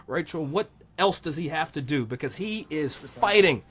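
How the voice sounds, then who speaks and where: A man doing live golf commentary, chatty and excitable, cracking jokes with his co-host. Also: a little high, normal speed.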